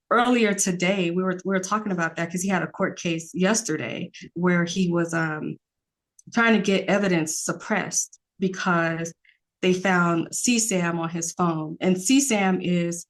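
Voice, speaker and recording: A woman, a podcast guest talking earnestly in a rambling casual way, with many fillers. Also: lowish voice.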